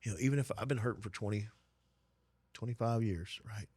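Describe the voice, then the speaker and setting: A man, a pastor, speaking earnestly and reflectively as a guest in an interview, with many pauses and fillers. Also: lowish voice, darkish tone, husky, no room sound. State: lives with lasting pain. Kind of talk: casual interview talk.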